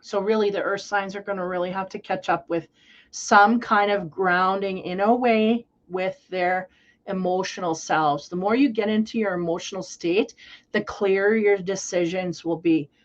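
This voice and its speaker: A woman's voice: medium pitch, moderate pace, lo-fi sound. A woman tarot reader giving a casual spiritual reading in a rambling, playful, conversational way.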